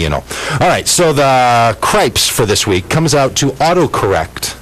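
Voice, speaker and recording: A middle-aged Minnesota man hosts a casual radio talk show, telling animated stories in a mid-range voice at a moderate pace with hardly any pauses. He often stammers and restarts, and the recording is rough.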